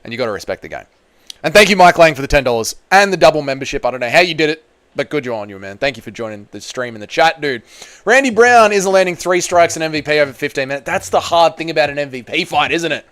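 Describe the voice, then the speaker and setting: A man's voice: on the high side, animated, fast, a bit bright, no room sound. A man with an Australian accent chatting casually on a livestream, reading donations and swearing in matey banter. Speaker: MMA YouTuber streaming live.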